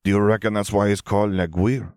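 Male narrator doing a scared teenage wizard boy, pleading, pitched up, storybook reading. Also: little pitch movement, fast talker, darkish tone, dry recording, studio quality, lightly acted. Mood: teasing. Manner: pleading, higher voice.

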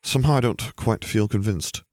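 Man voicing Harry, quiet earnest groom. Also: fairly low pitch, moderate pace, voice pushed up, lightly acted. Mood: wry. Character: young wizard groom, earnest and overwhelmed. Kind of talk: audiobook reading of fan fiction.

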